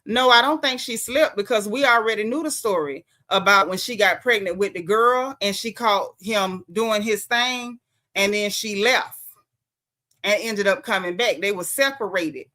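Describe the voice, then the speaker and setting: Southern American woman host, emphatic and colloquial, bright tense tone, mid pitch. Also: normal speed. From Southern United States. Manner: chatty, emphatic, colloquial with lots of slang. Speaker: host recapping a reality show. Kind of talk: casual livestream commentary.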